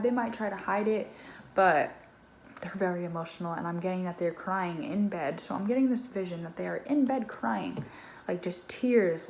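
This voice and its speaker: A woman's voice: mid-range voice, darkish tone. A woman giving a casual tarot reading straight to the viewer, loose and conversational, with plenty of swearing and fillers. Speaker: tarot reader. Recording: echoey room with faint background noise.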